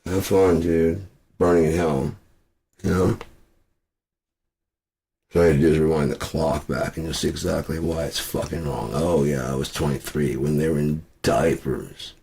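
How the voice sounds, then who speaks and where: A man ranting angrily to camera, swearing constantly and breaking into shouts. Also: very deep voice, steady tone, normal speed, creaky. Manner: profane and furious, shouting at times. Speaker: vlogger. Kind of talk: angry political rant.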